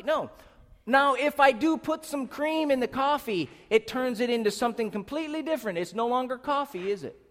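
A man's voice: very high-pitched, animated, brisk, fairly bright tone, long reverb tail. A man preaching a sermon in an emphatic, exclaiming way, often asking his listeners questions.

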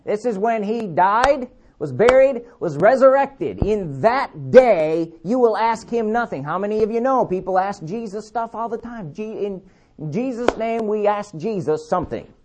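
A man preaching a sermon, emphatic, repeating key words and slowing down to read scripture. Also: high voice, expressive, background noise.

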